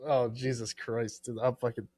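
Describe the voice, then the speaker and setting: A man's voice: mid-range voice, flat delivery, normal speed, dark tone. A man hosting a podcast in casual chat, reacting with lots of laughter and swearing. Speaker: podcast host.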